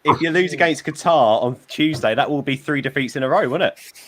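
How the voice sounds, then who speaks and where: A man's voice: mid-range voice, a little fast, a bit bright. A man on a fan show teasing another panelist in mocking banter over a video call.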